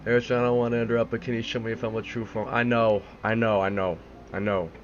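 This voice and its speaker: A man's voice: fairly low pitch, flat delivery, fast talker, highs cut off, faint music behind. A young man streaming a game live, baffled and swearing, repeating himself, his voice cracking and cutting out.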